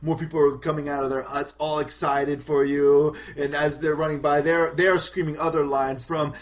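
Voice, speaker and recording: A man narrating as game master of a tabletop role-playing game, talking loosely and breaking into shouted character voices. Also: a little high, moderate pace. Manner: animated, puts on shouted voices for villagers.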